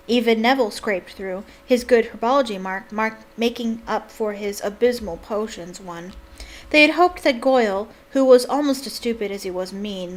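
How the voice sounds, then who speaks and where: A woman reading a novel aloud for online viewers, breaking off into animated, exclaiming asides. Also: on the high side. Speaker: YouTube reader.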